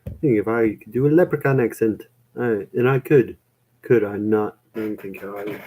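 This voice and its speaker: A man's voice: on the low side, normal speed, warm tone, husky, low-quality recording. A young man rambling in a casual chat with his viewers, self-mocking and full of "man" and "dude".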